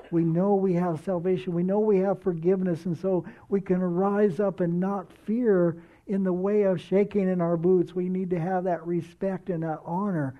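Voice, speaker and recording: A man preaching a sermon in a slow, earnest way, dropping soft and low when he quotes. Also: lo-fi sound.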